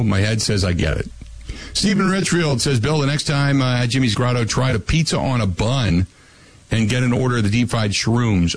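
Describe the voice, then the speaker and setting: A blunt, wry man hosts a casual call-in radio show. His voice sits a little low, and he reads listener messages aloud between his own opinions. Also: low-quality recording. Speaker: radio talk show host.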